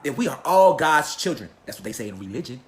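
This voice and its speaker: A man delivering a profane, animated monologue, mocking and heated, full of rhetorical questions. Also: medium pitch, quick pace. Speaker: host of a lecture channel.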